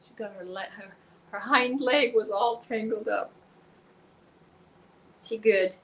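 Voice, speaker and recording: A woman's voice: medium pitch, takes it slowly, fairly bright tone, rough recording. A woman hosting a casual crochet livestream, chatting with viewers, reading their comments aloud and talking to her cat.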